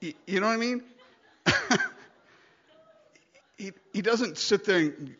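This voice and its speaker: A man preaching a Bible-teaching sermon, chatty and animated, often laughing and acting out quoted lines. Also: sits high, a little slow, long pauses, lo-fi sound. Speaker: pastor.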